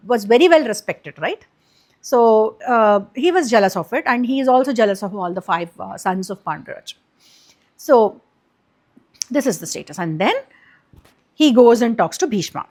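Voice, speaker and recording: A woman casually retelling an epic for kids, chatty and explanatory, with many fillers and restarts. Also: on the high side. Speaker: storyteller, channel host.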